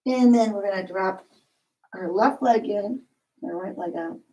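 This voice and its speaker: A woman leading a yoga class, giving calm, encouraging step-by-step cues. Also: mid-range voice, normal speed, highs cut off. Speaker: yoga instructor. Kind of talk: guided yoga class instruction.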